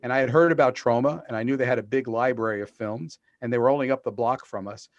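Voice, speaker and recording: A middle-aged man telling business stories as a guest over a video call. His voice sits mid-range and comes through dry and close, with no room sound. He slips into lively voices for the people he quotes. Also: medium pitch, quick pace, dry recording, lo-fi sound. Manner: animated storyteller, acts out quotes. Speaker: guest, author.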